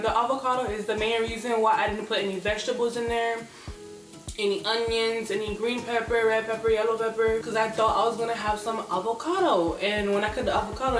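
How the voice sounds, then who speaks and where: A woman's voice: on the high side, roomy sound. A young woman talking casually to her viewers while she cooks and cleans in her apartment, calling them "y'all". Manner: chatty, addresses viewers as y'all. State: out of breath. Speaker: vlogger. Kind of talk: casual vlog talk to camera. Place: small apartment kitchen.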